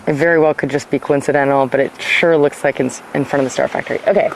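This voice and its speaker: A woman's voice: rumbling low, steady tone, quick pace, vocal fry, a little hiss or hum, rough recording. A tired woman chatting casually and rambling on a livestream from her car, sometimes wandering away from her clip-on mic. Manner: rambling, chatty, self-interrupting. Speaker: livestream host. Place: in and around her car outdoors. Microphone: clip-on mic, sometimes far from it.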